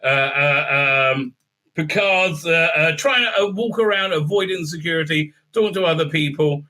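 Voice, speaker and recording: A man's voice: a little high, moderate pace, sharp tone. A man recapping and reviewing a TV episode, rambling with lots of hesitations and exasperated outbursts. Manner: hesitant, heavy filler sounds, exasperated outbursts.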